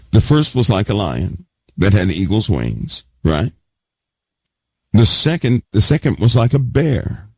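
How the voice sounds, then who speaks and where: A man's voice: on the low side, darkish tone, husky, no room sound. A man teaching a Bible sermon emphatically, repeating key words and putting questions to his listeners. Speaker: preacher.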